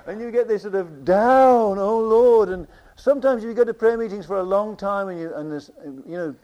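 A man preaching a sermon with passion, repeating phrases and swinging between loud declarations and quiet asides. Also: sits high, brisk.

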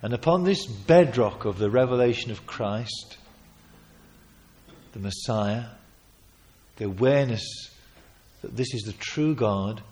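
A man preaching a sermon, emphatic, with sudden loud swells, quiet asides and chuckles as he tells stories. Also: mid-range voice, lively intonation, a little slow, pauses often. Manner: chuckles while telling stories.

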